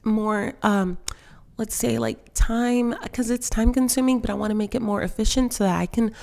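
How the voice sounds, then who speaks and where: Casual mellow-voiced woman in her 20s rambling through a game build, a bit teary and self-doubting. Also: a little high, steady tone, moderate pace, creaky. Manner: chatty, self-conscious, filler-heavy with lots of "like". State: emotional, near tears. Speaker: Sims gaming vlogger.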